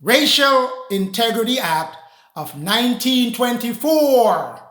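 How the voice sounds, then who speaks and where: A religious teacher preaching a lecture, emphatic and repetitive, often rising to a shout. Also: mid-range voice, sing-song, slow pace. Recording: roomy echo.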